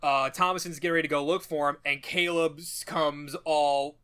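A man on a podcast, chatting casually through a movie recap with a bright, forceful voice that sits a little high. He slips into exaggerated character voices as he retells scenes. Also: fairly even intonation, normal speed, clear, resonant tone. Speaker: podcast co-host.

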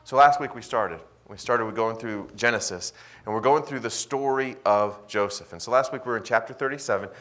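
A male pastor preaching a sermon, swinging between loud emphasis and quiet asides. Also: medium pitch, fairly quick.

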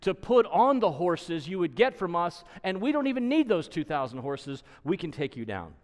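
A man voicing a boastful, mocking male Assyrian field commander who taunts his enemies loudly. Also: high voice, expressive, unhurried, in a large hall, voice pushed up. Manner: taunting, loud and sneering.

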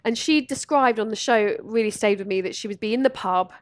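A woman's voice: medium pitch, fairly quick, dry recording. A woman hosting a podcast, talking casually and animatedly about grief and acting out other people's lines. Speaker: podcast host.

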